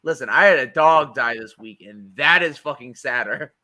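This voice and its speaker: A young man co-hosting a podcast in casual, jokey chat, animated and swearing freely. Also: mid-range voice, moderate pace, a little hiss or hum. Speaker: podcast co-host.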